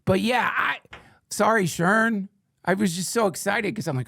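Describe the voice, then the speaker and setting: A man hosting a podcast in casual chat, rambling, excitable and swearing freely. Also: high voice, moderate pace, gravelly, no room sound, studio quality. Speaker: podcast host.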